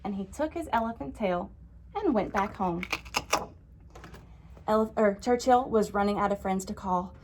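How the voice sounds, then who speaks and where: A woman librarian reading a children's storybook aloud, expressive with frequent gasps. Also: mid-range voice, moderate pace, long pauses, a little hiss or hum.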